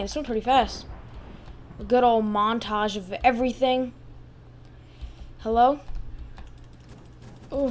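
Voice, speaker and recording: A woman with a fairly high voice narrates her own gameplay as she plays at her computer. She swings between loud exclamations and quiet muttering to herself, with a faint hum of noise underneath. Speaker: channel host. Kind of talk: live gameplay commentary.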